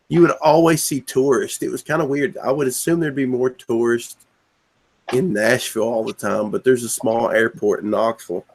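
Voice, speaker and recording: A man with a Tennessee Southern accent, hosting a casual live-stream chat and telling stories in a laid-back, dry-humored way. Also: medium pitch.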